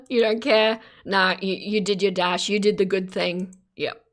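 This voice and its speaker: A woman's voice: mid-range voice, steady tone, a little slow. Laughing Australian woman streamer. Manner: laughs often, chatty and teasing. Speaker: streamer reacting to videos. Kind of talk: casual live-stream commentary.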